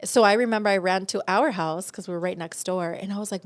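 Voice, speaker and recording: Young woman co-host, casual and animated, acts out what people said, mid-range voice. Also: medium pitch, fast, dry recording. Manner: animated storytelling, acts out quotes loudly. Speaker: podcast co-host. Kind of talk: casual chat.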